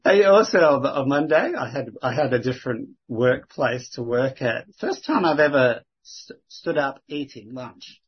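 A man's voice: medium pitch, animated, measured pace, few pauses, husky, dull audio. A man sharing earnest, rambling faith stories in casual chat, with frequent restarts. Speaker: Christian sharing witnessing stories.

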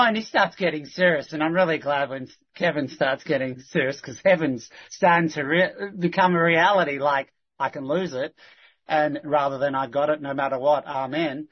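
A man tells viewers a rambling story about his day, with many restarts and lively retold dialogue. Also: on the high side, moderate pace, lo-fi sound. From Australia.

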